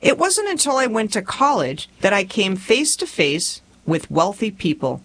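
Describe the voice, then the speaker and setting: A woman's voice: normal speed, a little hiss or hum. Folksy Southern woman reading her memoir. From rural Tennessee. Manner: folksy, humorous storytelling with lively pitch. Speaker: memoir narrator.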